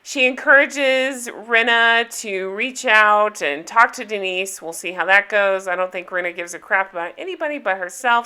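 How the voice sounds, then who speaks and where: A middle-aged woman chats through her reality TV recap in a bright, forceful voice at an ordinary pitch. She talks like she is gossiping with friends, laying on the sarcasm and breaking into laughs. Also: smooth. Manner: chatty and sarcastic, with frequent laughs. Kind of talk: casual chat.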